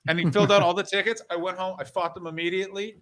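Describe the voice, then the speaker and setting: A man co-hosting a casual chat, telling animated, profane anecdotes full of quoted back-and-forth. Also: high-pitched, racing, slight background noise. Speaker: podcast co-host, comedian.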